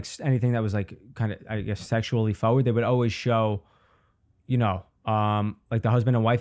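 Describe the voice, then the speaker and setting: A man's voice: medium pitch, a little mellow. Rambling, profane male comedian. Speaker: podcast host and comedian. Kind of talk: casual comedic monologue.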